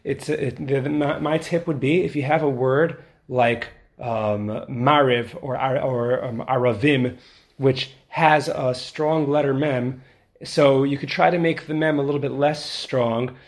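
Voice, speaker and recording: A man teaching how to lead prayer, explaining quickly in plain talk and then chanting the tunes slowly to show them. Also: medium pitch, steady tone. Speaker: prayer leader instructor. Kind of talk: teaching lesson with chanted demonstrations.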